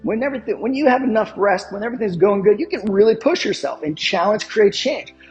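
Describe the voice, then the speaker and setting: A man's voice: high voice, lively intonation, fast, muffled recording, faint music behind. A male fitness coach giving an instructional talk, emphatic and fond of repeating his catchphrases and asking the viewer questions.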